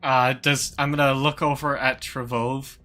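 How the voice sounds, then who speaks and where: Bright-voiced man playing a tabletop game. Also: medium pitch, level tone, measured pace, faint music behind. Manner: hesitant, with many fillers. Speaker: player. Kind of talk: casual tabletop game chat.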